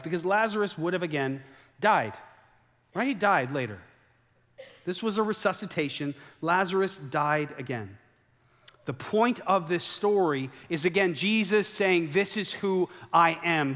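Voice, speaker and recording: A man preaching a sermon as a pastor, telling the story in a lively way and acting out the quoted lines. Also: fairly high pitch. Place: church sanctuary. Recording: long hall reverb.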